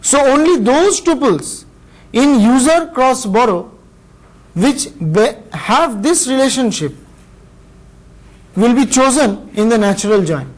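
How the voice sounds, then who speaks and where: A man with an Indian English accent giving a measured university lecture, explaining step by step with pauses between phrases. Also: very high-pitched, big pitch swings, poor audio. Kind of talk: recorded classroom lecture.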